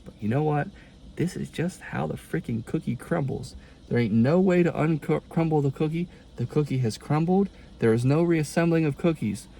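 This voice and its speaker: A young man talks straight to the camera in a casual confession vlog, rambling and exasperated, with folksy turns of phrase. His voice is gravelly with plenty of fry, and a faint ambient hiss sits behind it. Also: a little high, moderate pace, warm tone. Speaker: college student vlogger.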